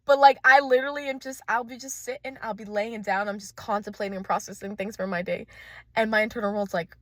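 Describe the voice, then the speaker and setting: A woman talking through her fears in a raw, profane confessional vlog, swinging between hushed and loud. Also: medium pitch, steady tone, quick pace, no room sound. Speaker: vlogger.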